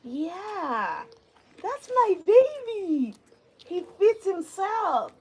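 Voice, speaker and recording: A woman filming a family vlog at home, talking to her young sons and her followers in a lively, encouraging way. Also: medium pitch, husky. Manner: animated, coaxing and praising her young sons. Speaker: vlogger and mother. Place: home, at a breakfast table.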